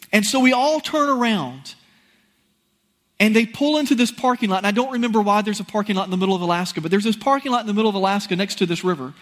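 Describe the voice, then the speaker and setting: A man preaching a sermon, telling a personal story in an animated, folksy, conversational way. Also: sits high.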